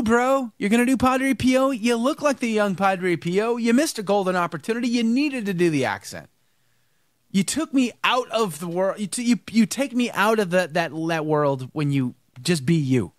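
A man hosting a live-streamed talk show, talking in an animated, rambling way and often repeating words. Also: sits high, normal speed, no echo, clean studio sound. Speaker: show host. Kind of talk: live-stream commentary and chat.

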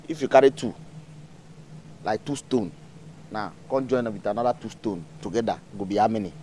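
A man's voice: fairly low pitch, a little fast, darkish tone, a little hiss or hum, close to an everyday voice. An actor with a Nigerian accent playing a stingy, exasperated father in a comedy film, scolding and mocking in turn. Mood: coaxing.

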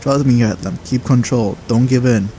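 A man voicing a calm older master who speaks in a measured, reassuring way. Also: medium pitch, slight background noise, close to an everyday voice. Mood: steady. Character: calm older male master, steady mentor.

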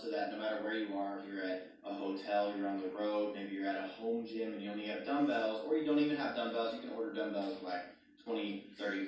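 Upbeat man coaching a dumbbell workout. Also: fairly low pitch. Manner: upbeat coaching, demonstrating moves while talking. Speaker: fitness instructor. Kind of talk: workout demonstration. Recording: far from mic, very echoey room, clear noise.

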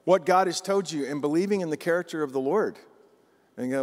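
A man's voice: on the high side, quick pace, darkish tone, long reverb tail. Folksy, emphatic preaching man. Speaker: pastor. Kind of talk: sermon.

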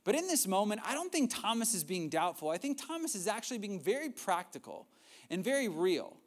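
A young male pastor delivers a sermon in a notably high voice. He tells the story in a lively, conversational way, with asides and acted-out quotes. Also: a little fast.

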